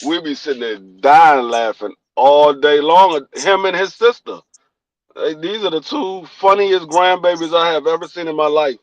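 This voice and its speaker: An older man with a high voice swaps animated family stories in casual chat. He curses freely and acts out the people he quotes. The sound is dry and close. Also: moderate pace, no room sound, rough recording. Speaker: podcast host.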